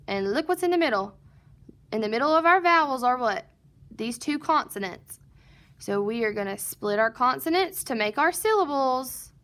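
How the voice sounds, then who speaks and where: A woman teaches first graders phonics in a recorded lesson, patiently and slowly sounding out parts of words and responding to her own questions. Her voice sits high and is a bit bright.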